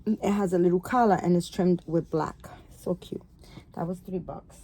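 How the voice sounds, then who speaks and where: A woman hosting a doll vlog in casual chat, loose, profane and rambling with many fillers, cooing softly at her dolls. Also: on the low side, steady tone, normal speed. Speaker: doll channel host.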